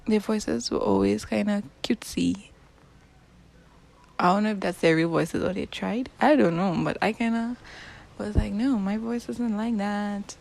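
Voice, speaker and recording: A young woman talks through a solo podcast, recorded on a phone tucked in a sock. Her middle-pitched voice carries a slight gravelly fry. She rambles and teases herself, and she slips into whispers for her asides. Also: darkish tone. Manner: chatty, self-deprecating, drops into whispers for asides. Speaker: podcast host. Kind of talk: casual rambling monologue.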